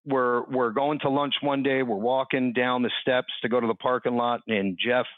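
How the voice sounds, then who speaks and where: Animated male storyteller on a tinny line. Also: medium pitch, moderate pace, no room sound. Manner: animated storyteller, acts out quoted people. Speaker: interview guest. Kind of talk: storytelling in a podcast interview. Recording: dry, tinny phone-like line.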